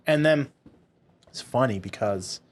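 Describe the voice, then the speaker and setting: Animated young man telling stories. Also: medium pitch, a little slow. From Boston, USA. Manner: animated, swears, acts out quotes. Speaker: company founder, guest. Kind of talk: casual storytelling interview.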